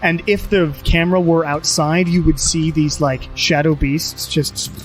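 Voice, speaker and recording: A man running a tabletop game as game master, narrating scenes calmly with some filler words. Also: fairly high pitch, a little slow, faint music behind.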